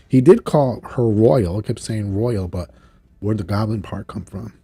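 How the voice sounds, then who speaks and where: A man's voice: fairly low pitch, normal speed, breathy edge, no room sound. A man recapping a cartoon episode in casual, rambling talk, acting out the characters' lines and chuckling at asides. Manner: animated storytelling, acts out characters' lines. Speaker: show reviewer.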